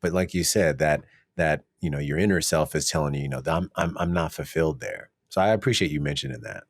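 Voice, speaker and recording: A man hosts a conversational interview, affirming what his guest says and recapping it before his next question. His voice is very deep. The sound is dry, with no room echo. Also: quick pace, vocal fry. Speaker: podcast host.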